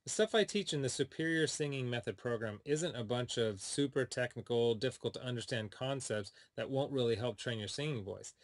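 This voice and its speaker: A man, a singing teacher, delivering an upbeat, persuasive sales pitch for his course straight to the listener. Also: fairly quick, few pauses, dry recording.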